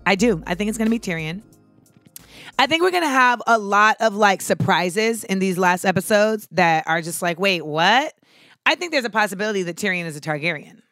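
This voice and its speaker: A woman chatting casually and animatedly, swearing freely and acting out quotes with sudden shouts. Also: mid-range voice, expressive, brisk, dry recording, studio quality, soft background music. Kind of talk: casual chat about a TV show.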